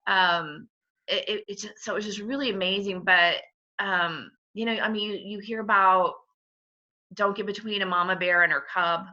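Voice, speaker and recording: A woman's voice: mid-range voice, steady tone, moderate pace, bright, forceful tone. A middle-aged woman as a podcast guest, candidly sharing a personal faith testimony, heartfelt and laughing through emotion. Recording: dull lo-fi sound.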